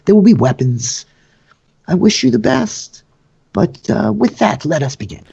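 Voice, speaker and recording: A man voicing a courteous but menacing male noble official, speaking in a smooth, mock-gracious manner. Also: high voice, sing-song, measured pace, dark tone, lo-fi sound, pitched above the performer's own voice, heavily acted. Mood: ceremonial.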